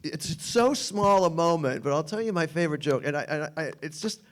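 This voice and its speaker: A man's voice: a little high, animated, fairly quick. A man in his sixties, a screenwriter, telling stories at a cinema Q&A with stammering restarts. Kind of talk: storytelling on stage. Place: cinema stage.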